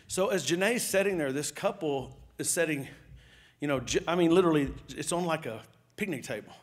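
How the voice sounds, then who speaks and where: A man, preaching and telling a lively personal story to his congregation. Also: a little high. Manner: animated storytelling, addresses the audience as y'all.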